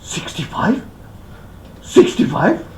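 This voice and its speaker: A performer voicing an eager, flattering male guest. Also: slow, reverberant, slight background noise, natural voice. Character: eager male visitor who flatters and teases his host. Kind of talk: rakugo storytelling.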